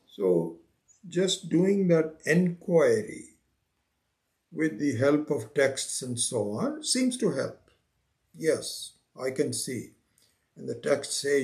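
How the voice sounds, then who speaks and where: A man teaching a spiritual scripture class, unhurried, repeating his phrases and acting out the seekers he quotes. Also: on the high side, sing-song, creaky, darkish tone. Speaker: Vedanta teacher.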